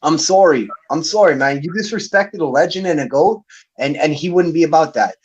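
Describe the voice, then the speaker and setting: A man's voice: a little high, brisk, husky, lo-fi sound. A man hosting a battle rap league stream, ranting angrily and profanely as he calls someone out. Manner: angry, profane, calling someone out. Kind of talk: heated livestream rant.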